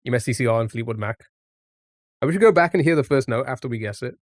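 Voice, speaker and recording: A man streaming a music quiz live and chatting easily with his viewers. He sits in the middle for pitch and sounds dry and close, with no room around him. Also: lively intonation, quick pace, no room sound. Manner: chatty, reacts to chat. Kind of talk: casual live-stream chat.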